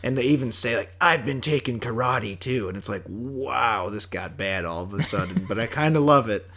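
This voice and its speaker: A man's voice: mid-range voice, animated, moderate pace, a bit bright. A man co-hosting a movie podcast, talking in a rambling, self-correcting way and laughing often. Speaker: podcast co-host. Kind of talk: casual movie chat.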